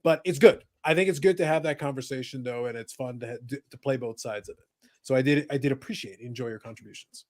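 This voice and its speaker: A man's voice: medium pitch, fast. A man co-hosting a podcast in casual chat, teasing his co-hosts with sarcastic banter. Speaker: podcast co-host.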